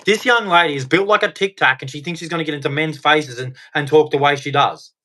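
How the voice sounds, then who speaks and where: A man's voice: a little high, quick pace, pushed and bright. Man ranting and swearing at clips. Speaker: reaction video host. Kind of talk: angry reaction commentary.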